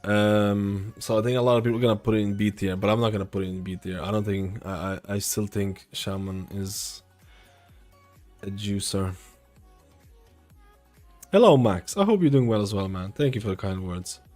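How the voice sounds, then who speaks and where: A man's voice: lowish voice, normal speed, a little mellow. A young man streaming live, answering viewer questions in a loose, rambling, chatty way. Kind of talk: casual live-stream chat. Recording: faint music behind.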